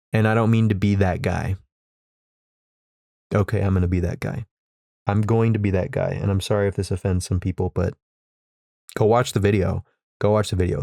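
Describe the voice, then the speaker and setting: A man's voice: lowish voice, vocal fry, darkish tone, dry recording, clean studio sound. A man hosting a podcast, delivering a sarcastic comedic rant into a microphone, repeating himself and swearing. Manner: ranting, repetitive, sarcastic, swears. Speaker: podcast host. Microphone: studio microphone.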